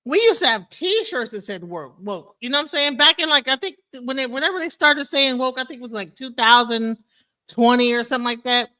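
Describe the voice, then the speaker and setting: A woman hosting a stream, reacting to clips in casual, animated and incredulous commentary that she speaks straight to her viewers. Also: high-pitched, brisk. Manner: animated, incredulous, talks to viewers as "bro" and "y'all". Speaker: stream host.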